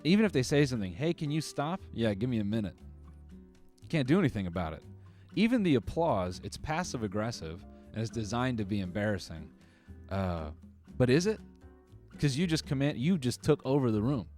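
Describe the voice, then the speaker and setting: A man's voice: mid-range voice, big pitch swings, a little fast, a little mellow, soft background music. A man hosting, riffing on viewer clips in wry, rambling comedic commentary full of fillers and restarts. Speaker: comedian host reacting to clips.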